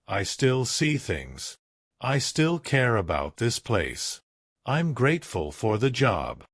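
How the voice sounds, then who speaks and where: A man voicing a humble, earnest young male cleaner who speaks softly and sincerely in a storybook. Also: medium pitch, huge pitch swings, slow, no room sound, studio quality, full character voice. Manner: soft, sincere pleading.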